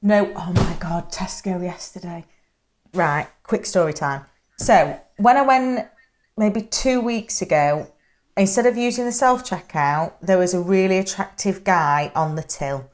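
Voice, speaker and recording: A woman's voice: fairly low pitch, a little slow. A young woman with a Yorkshire accent, co-hosting a casual podcast and telling chatty, self-mocking stories. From England. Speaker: podcast co-host. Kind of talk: casual chat, storytelling.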